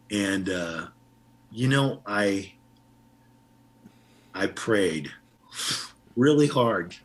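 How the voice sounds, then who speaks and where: A man sharing his story at an online recovery meeting, halting and emotional, close to tears, with many restarts, heard over a video call. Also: fairly low pitch, breathy edge. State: teary.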